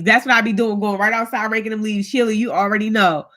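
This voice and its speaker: A woman's voice: mid-range voice, fairly even intonation, fast, a bit bright. A woman hosting a casual live-stream chat, talking straight to her viewers in a heartfelt, chatty way with African American Vernacular English speech.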